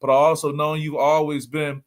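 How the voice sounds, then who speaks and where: A man's voice: a little high, little pitch movement, moderate pace. A middle-aged man hosting a motivational livestream, speaking earnestly and repeating key points for emphasis. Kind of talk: motivational talk.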